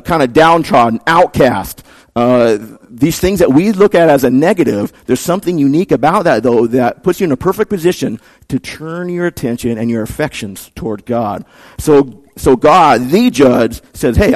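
A man's voice: a little high, a little mellow. Conversational male pastor preaching with emphatic peaks. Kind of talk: sermon.

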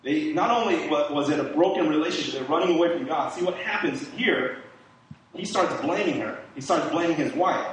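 With a slightly high, fairly bright voice, a middle-aged man preaches an informal sermon at a fairly quick pace, talking conversationally with lots of fillers and rhetorical questions. It's recorded in an echoey room on a distant mic, with faint hiss.

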